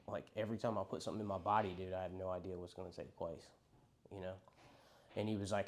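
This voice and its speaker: A young man speaks in a lowish voice. He tells his own story of addiction and recovery in a candid, rambling way, swearing casually and acting out what others said to him. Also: flat delivery, fast, pauses often.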